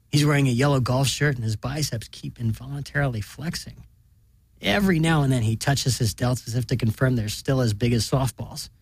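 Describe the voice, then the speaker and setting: A man reading a short story aloud in a plain, deadpan way. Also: mid-range voice, breathy edge, no room sound. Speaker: narrator.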